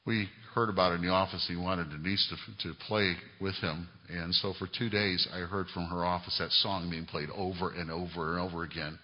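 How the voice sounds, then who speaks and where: A middle-aged pastor preaches in a church sanctuary, his fairly low voice ringing with long reverb. He climbs to emphatic raised peaks, then falls back to quiet asides. The recording is dull and lo-fi. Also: fairly even intonation, brisk, few pauses. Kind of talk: sermon. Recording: reverberant hall, lo-fi sound.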